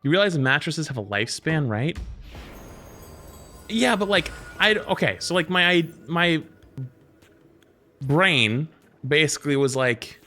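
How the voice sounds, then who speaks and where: A man streaming live, chatting casually with his viewers and telling stories in an animated way, jumping into other people's voices. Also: a little high, a little slow, pauses often, faint music behind.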